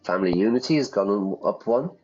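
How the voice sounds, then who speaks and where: A man who teaches English by reading a story game aloud and pausing to explain phrases in a relaxed way. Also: on the low side. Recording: slightly dull lo-fi sound with faint music.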